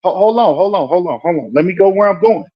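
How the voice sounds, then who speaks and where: A man argues his point insistently on a live stream, his voice sitting a little high for a man. He keeps circling back with "right?" and cuts in with repeated "hold on", heard through an earbud mic. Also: expressive, fast, muffled recording, crowd noise. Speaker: boxing commentator in a live stream debate. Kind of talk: heated debate on a live stream.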